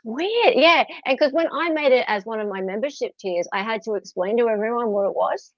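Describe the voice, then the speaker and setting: Australian female host, casual live chat, bright-ish high voice, dull dry recording. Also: a little fast, no echo. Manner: chatty, animated, laughs often.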